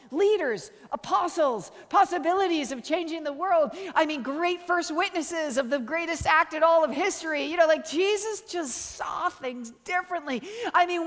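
A high-pitched woman from Canada giving a lively, story-driven sermon. She talks casually, peppering her lines with "like" and "uh" and jumping higher to act out quotes. Her voice rings with the long reverb of a large hall. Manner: animated, chatty, full of "like" and "uh", acts out quotes in higher voice. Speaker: guest preacher.

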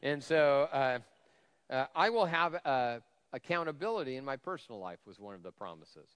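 A man's voice: mid-range voice, lively intonation, moderate pace, a bit bright, clean tone. A male lead pastor giving a conversational sermon with a slightly whiny voice, self-deprecating humor and frequent fillers. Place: church sanctuary. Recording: long hall reverb.

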